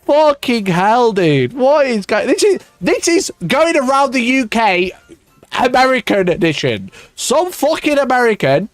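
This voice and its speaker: A man's voice: very high voice, dry recording. A man hosting his channel, ranting sarcastically in casual commentary, swearing a lot and laughing. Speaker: YouTube host.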